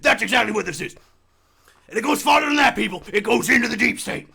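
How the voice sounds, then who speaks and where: A man doing a comic impression of a loud, preachy conspiracy radio host who keeps addressing the audience. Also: high voice, animated, quick pace, gravelly, breathy edge, voice pushed up, full character voice. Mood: ranting. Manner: bellowing, preachy, addresses "people". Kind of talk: comic impression in casual podcast.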